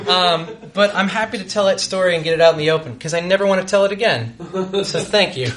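A young man tells a comic personal story on stage. His voice is bright and fairly high, and he trips over his words and restarts often. A little background noise sits under him. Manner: self-deprecating, halting with restarts. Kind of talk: live comedic storytelling. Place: live show before a laughing audience.

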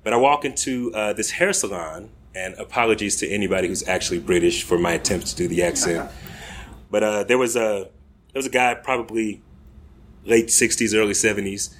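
A man's voice: on the low side, a little fast, slight background noise. An American man telling a rambling comic story on a comedy club stage, casual and laughing at his own tale. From United States.

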